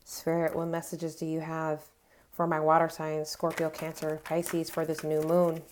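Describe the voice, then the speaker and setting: A woman does a tarot reading to camera, speaking earnestly and encouragingly and growing emotional as she reassures her viewers with direct affirmations. Her voice is deep and a little mellow, delivered at a moderate pace in a completely flat manner, with a little hiss or hum on the recording.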